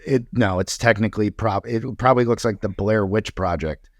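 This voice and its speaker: A man's voice: on the low side, moderate pace, no echo, studio quality. A man chatting as a podcast guest, telling long rambling stories full of fillers and restarts. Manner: rambling storyteller, many fillers. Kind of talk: casual chat.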